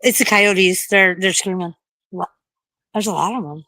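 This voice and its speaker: A woman's voice: medium pitch, normal speed, bright, forceful tone, dry recording. Swearing, frightened woman streaming outdoors. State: out of breath. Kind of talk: casual livestream chat. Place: outdoors in a backyard at night.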